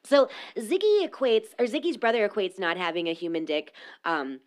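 A woman's voice: medium pitch, animated, moderate pace. A young woman hosting a podcast, telling a crude story casually and laughing often between phrases. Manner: giggly, bawdy, laughs often mid-sentence. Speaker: podcast host.

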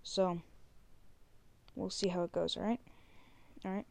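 A woman's voice: on the low side, little pitch movement, a little slow, vocal fry. Rambling woman hosting a solo podcast. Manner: rambling, many fillers, trails off softly. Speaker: podcast host. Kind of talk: casual solo podcast chat.

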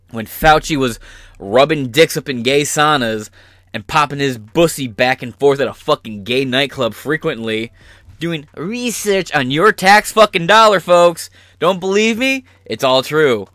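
A man's voice: on the high side, animated, measured pace, a bit bright, no echo, clean studio sound. Profane, ranting male podcast host. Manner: profane, heated, sarcastic. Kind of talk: ranting political commentary.

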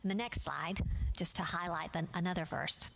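A woman teaching a Bible study class from slides. She speaks in a measured, earnest way and leans on key words. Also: lowish voice, gravelly, a bit bright, slight background noise.

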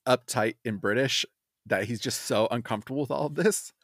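A man co-hosting a podcast in casual chat, lively and acting out quotes in silly voices. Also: mid-range voice, brisk, no room sound, studio quality. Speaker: podcast co-host.

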